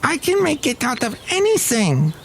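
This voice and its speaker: A man voicing a flamboyant older female fortune-teller and dressmaker in a high, theatrical, sing-song voice. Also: wildly swooping pitch, normal speed, gravelly, fairly bright tone, slight background noise, heavily acted.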